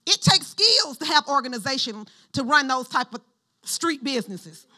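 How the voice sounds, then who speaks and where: A middle-aged woman pastor giving a sermon in an animated, conversational style, calling on the congregation to respond. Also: high voice, normal speed.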